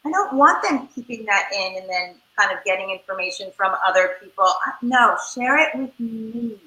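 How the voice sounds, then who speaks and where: Woman, family therapist, animated, acts out voices, bright tone. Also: mid-range voice, normal speed, roomy sound, low-quality recording. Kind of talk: interview advice talk.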